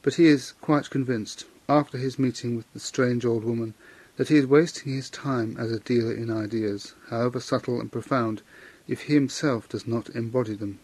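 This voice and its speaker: A man's voice: medium pitch, steady tone, darkish tone, husky, dry recording. Man telling a Buddhist legend. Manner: measured storytelling with moral comment. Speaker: Buddhist teacher. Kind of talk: Dharma talk retelling a legend.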